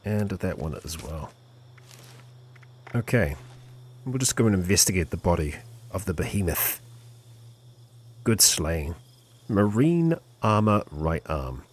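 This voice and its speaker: Man streaming a game, lively rising and falling delivery, low voice, faint background hum. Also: takes it slowly, pauses often, breathy edge. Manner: lively, cheering on his companion. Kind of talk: live gameplay commentary.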